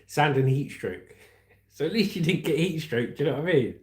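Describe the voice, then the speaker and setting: Animated and fairly quick, the host's voice sits on the high side with a darkish tone. He's a man in his forties running a casual livestream from an echoey room, reading comments and news and laughing often.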